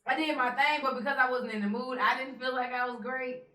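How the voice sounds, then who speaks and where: Bright, loud Texan woman host in an echoey room. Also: high voice, fairly even intonation, brisk, far from the mic. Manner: loud, laughing storyteller, Southern Black vernacular. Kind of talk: casual chat.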